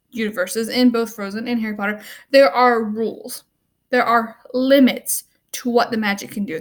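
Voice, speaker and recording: Young female student vlogger, a little high-pitched, casual rambling rant with a wry tone. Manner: rambling, full of "like" and "um"; offhand and wry. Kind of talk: casual movie rant to camera.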